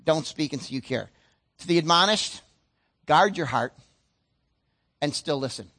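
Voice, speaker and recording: A man preaching a sermon as pastor, earnest and emphatic, slowing down to stress key points and acting out other people's voices. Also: on the high side, lively intonation, bright, forceful tone. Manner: acts out other people's voices mid-sentence.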